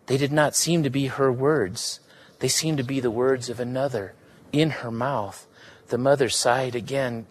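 A man giving a live reading of literary fiction, measured and unhurried in his storytelling. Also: medium pitch. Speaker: reader.

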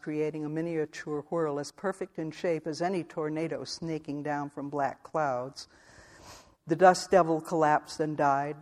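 Calm and clear, a male narrator reads a literary western audiobook in a voice pitched slightly above the typical man's. He keeps an even, measured pace that stays steady sentence after sentence.

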